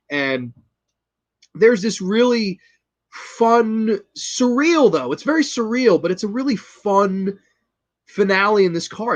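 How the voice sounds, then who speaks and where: A man talks through a favourite horror film in an eager, profane rush, acting out lines as he retells scenes. His voice sits a little higher than most men's. The recording is slightly dull and lo-fi. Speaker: host. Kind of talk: casual film review monologue.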